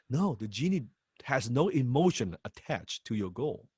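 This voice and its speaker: A man's voice: medium pitch, sing-song, normal speed, a little mellow, husky, no room sound, clean studio sound. A man coaching sales students in an emphatic, repetitive way, swearing freely. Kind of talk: lecture to students.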